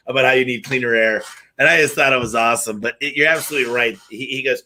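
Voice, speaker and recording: A man's voice: mid-range voice, quick pace, sharp tone. A male host chatting casually with a guest. He is enthusiastic and jokey and tells anecdotes. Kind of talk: casual business interview chat.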